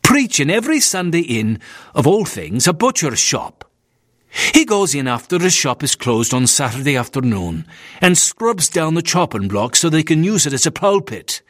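A man's voice: on the high side, very animated, moderate pace, a bit bright, no echo, studio quality, voice pushed up. A man voicing a disapproving Scottish minister. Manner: stiff, disapproving.

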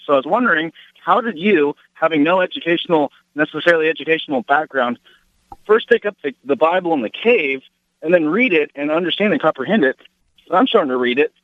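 A man's voice: fairly high pitch, lively intonation, a little fast, no room sound. A young man in his twenties, a college student, calling into a radio program and politely asking a question. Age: 20s. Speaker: caller. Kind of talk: phone-in question. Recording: tinny phone line.

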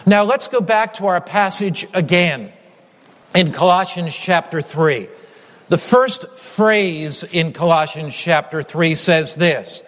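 Male preacher, high voice, emphatic sermon delivery, long hall reverb. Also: fairly bright tone. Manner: emphatic, repetitive phrasing, slows down on key lines.

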